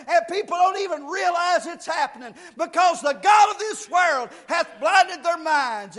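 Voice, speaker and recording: A man with a very high voice preaches with slow, drawn-out delivery. He shouts his key points, then drops to a quieter tone to explain, and he drives ideas home by repeating phrases. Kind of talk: fiery pulpit sermon.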